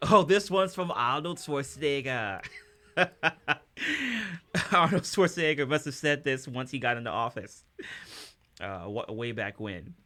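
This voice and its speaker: A man's voice: medium pitch, sharp tone. A man hosting a casual livestream, upbeat and chatty with his viewers, chuckling often. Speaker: streamer and musician.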